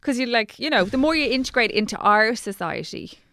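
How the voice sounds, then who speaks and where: A woman's voice: fairly high pitch, expressive, brisk, bright, forceful tone, dry recording. A woman in her thirties with an Irish accent, co-hosting a podcast with chatty, teasing talk. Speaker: podcast co-host. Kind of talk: casual podcast banter.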